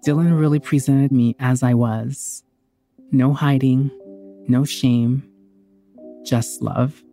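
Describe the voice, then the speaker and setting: A woman's voice: very deep voice, steady tone, slow pace, mellow, soft background music. A woman telling a personal story in a candid, heartfelt, conversational way.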